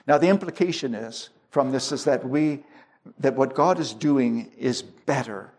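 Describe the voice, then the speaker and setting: A male pastor delivering a sermon at an unhurried, measured pace. His voice sits in an ordinary middle register, and he works through his points with plain everyday illustrations, sometimes stopping and restarting a phrase before pressing on. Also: medium pitch, darkish tone. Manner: slow, deliberate preaching with homely illustrations and restarts.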